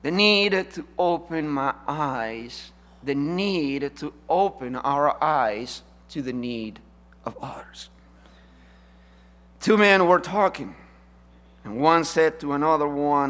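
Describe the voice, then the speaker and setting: A man preaching a sermon, emphatic, swinging from loud declarations to hushed asides. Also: on the high side, slow pace.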